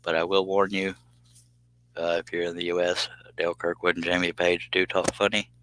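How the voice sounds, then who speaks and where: A man's voice: low voice, level tone, normal speed, fairly bright tone, rough recording. A man chatting casually on a woodworking live stream, laughing often and reading viewer comments aloud. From United States. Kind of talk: casual live stream chat while working.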